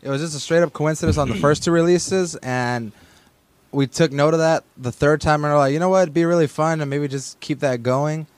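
A man's voice: a little high, a little fast, no echo. A man in a casual radio interview, explaining his band's music at length with many ums and restarts. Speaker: band member.

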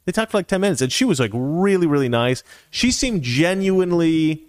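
Animated man telling a story. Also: fairly high pitch, brisk, no echo, studio quality. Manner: animated, acts out quoted voices, chuckles while telling. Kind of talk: casual anecdote.

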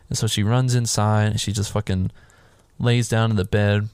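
A man's voice: on the low side, flat delivery, normal speed, darkish tone, clean tone, no echo. A man casually recapping a film on a podcast, rambling through the plot and acting out the characters' lines, with plenty of swearing. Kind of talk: casual chat.

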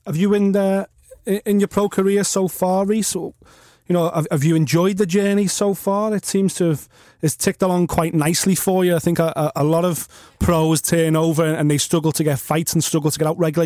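A man's voice: a little high, level tone, fairly quick, darkish tone, no room sound, studio quality. A male radio co-host asking earnest, rambling questions in a casual interview.

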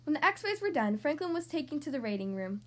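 A woman reading a children's storybook aloud in a gentle, expressive manner. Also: high-pitched, quick pace.

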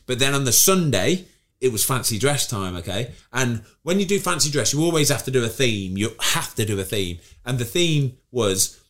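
A man, around his thirties, talks casually on a podcast with an ordinary mid-range voice. He tells his stories in a lively, slangy way, often laughing at his own tales. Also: medium pitch, moderate pace. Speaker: podcast host, former footballer. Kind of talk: casual chat, anecdote telling.

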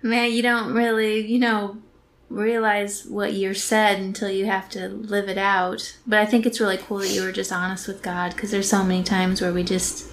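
A woman's voice: medium pitch, little pitch movement, moderate pace. A woman interviewing a guest, listening closely and responding with short encouragements. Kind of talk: conversational interview.

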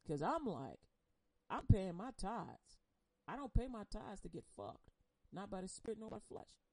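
Woman, personal testimony, emotional and blunt, warm low-toned voice, dry close sound. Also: sing-song, a little slow, dry recording, rough recording. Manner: emotional and blunt, swinging between loud outbursts and hushed confession. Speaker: churchgoer sharing a personal testimony. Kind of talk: impassioned personal testimony on air.

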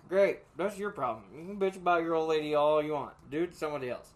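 A man's voice: high voice, quick pace. A man telling profane, laughing stories in casual chat as a podcast co-host.

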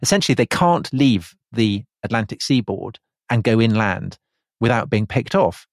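A man co-hosts a podcast and turns his thoughts over as he speaks, hedging often. His voice is on the low side. The sound is close and dry. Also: lively intonation, moderate pace, dry recording. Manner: thoughtful, hedging with "I think" and "kind of". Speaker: podcast co-host. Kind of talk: casual history chat.

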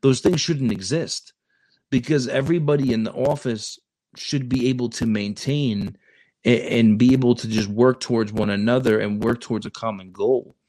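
A man's voice: medium pitch, moderate pace, a little mellow, no room sound. A man, a Marine recruiter talking on a casual podcast, rambling and restarting his sentences often. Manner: rambling, with many restarts and stammers.

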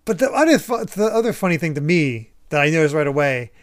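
A man hosting a podcast, recapping chapters in casual chat with an animated retelling style. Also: a little high, quick pace. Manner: animated retelling with frequent laughs and acted quotes. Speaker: podcast host.

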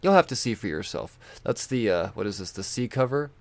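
A man's voice: on the low side, expressive, brisk, vocal fry, no room sound. A man chatting casually about new releases, rambling and loosely profane, thinking aloud as he goes. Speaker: comic book vlogger. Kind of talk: casual chat.

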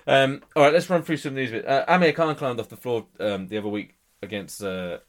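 A man's voice: medium pitch, fairly quick. A man co-hosting a casual boxing podcast, talking in loose, hedging sentences and steering the topics. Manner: conversational, hedging with "you know", leads the segments. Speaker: podcast co-host.

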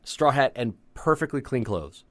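A man's voice: mid-range voice, expressive, normal speed, a bit bright, no room sound. Wisecracking man in his fifties, dry sound. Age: 50s. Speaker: podcast co-host. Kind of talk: casual movie-recap chat.

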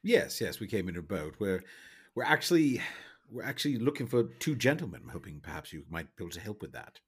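A man voicing a polite, formal gentleman adventurer who speaks in a prim, overly courteous way. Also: fairly low pitch, sing-song, fast, breathy edge.

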